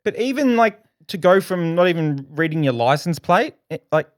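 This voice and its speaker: An Australian man co-hosting a podcast, telling a story in an animated, swearing way and acting out his own lines. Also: fairly high pitch, normal speed, no room sound, studio quality. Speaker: podcast co-host. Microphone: podcast microphone.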